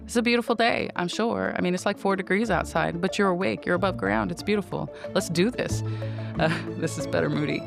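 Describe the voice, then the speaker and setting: Over background music, a middle-aged woman delivers a casual solo podcast monologue in a lowish, gravelly voice. She talks fairly quickly, rambling and poking fun at herself as she addresses listeners.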